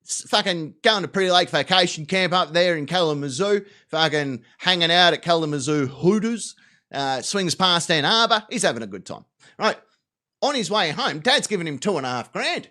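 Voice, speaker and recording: A man with a high, bright voice hosts a live talk show. He tells a long anecdote with plenty of profanity, swinging his pitch widely and slipping into quick voices for each character. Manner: animated, profane storyteller doing quick voices.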